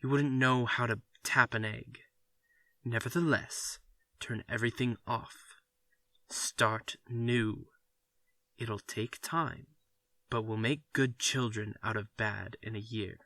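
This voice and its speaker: A man voicing a frank, calm advisor giving blunt counsel in a story reading. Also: medium pitch, dry recording. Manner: measured, blunt advice. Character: calm, frank family doctor friend.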